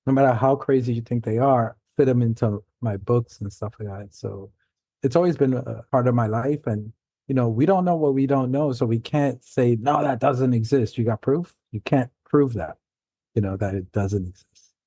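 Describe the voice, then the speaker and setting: Male guest from New York City, mellow and unhurried, halting storyteller, dry close mic. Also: medium pitch, dry recording. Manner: halting, loose storytelling with trailing phrases. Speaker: guest author. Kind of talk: casual conversational chat.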